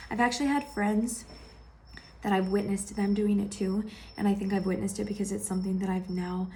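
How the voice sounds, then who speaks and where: A woman speaks gently and intimately in a personal vlog, addressing the viewer with affection. Her voice is mellow and slightly gravelly, with faint room noise underneath. She often sinks into a soft, breathy whisper. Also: mid-range voice. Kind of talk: heartfelt personal vlog share.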